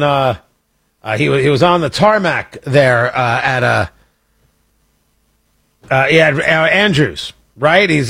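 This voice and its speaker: Brief: male show host, husky and high-pitched, combative, swinging pitch in his political rants. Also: fairly bright tone. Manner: emphatic, combative, ranting. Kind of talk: opinionated political commentary.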